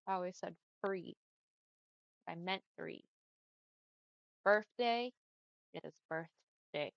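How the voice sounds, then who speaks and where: A young woman from Texas, her accent clear, casually talks to viewers while streaming a game and says "y'all" and "like" frequently. Her medium-pitched voice is clear and resonant, with no room sound but a muffled recording.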